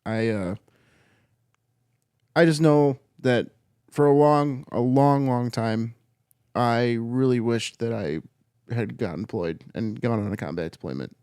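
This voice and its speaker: A young man hosts a podcast and talks over his Army days in a loose, rambling way. He swears often and restarts his sentences. His pitch sits in the middle, and the room sounds dry. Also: darkish tone, clean tone, no room sound. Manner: rambling, profane, halting restarts. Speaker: podcast host, Army veteran. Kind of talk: casual chat.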